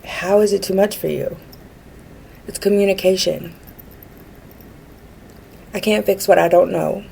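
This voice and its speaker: A woman's voice: medium pitch, fairly even intonation, a little slow, vocal fry, mellow, a little hiss or hum, rough recording. A woman vlogging a rambling personal rant, earnest and frustrated, with many fillers and restarts.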